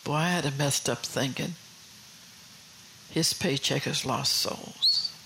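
Male preacher, gravelly, slightly high voice, fervent sermon with whispered asides. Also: takes it slowly, pushed and bright, a little hiss or hum, rough recording. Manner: fervent, rhetorical questions to the congregation.

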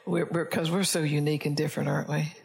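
Gravelly woman preaching a sermon. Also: low-pitched, flat delivery, fast talker. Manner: warm, chatty asides to the congregation. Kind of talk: sermon storytelling.

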